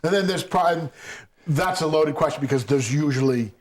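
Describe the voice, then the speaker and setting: A man's voice: on the high side, fairly quick. A man hosting a casual interview, prompting his guest with short reactions and questions. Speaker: show host.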